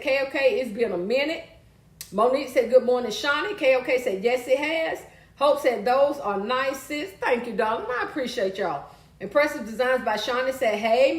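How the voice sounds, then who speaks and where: A woman hosting a casual live stream, chatty and loud, calling out to viewers and reading their comments. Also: high voice, roomy sound.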